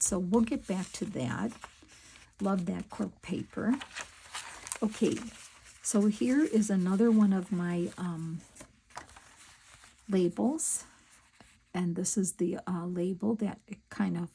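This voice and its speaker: A middle-aged woman chatting casually to her viewers while she works on a craft project, talking to herself in soft asides. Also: medium pitch, gravelly, slight background noise, poor audio. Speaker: crafting vlogger.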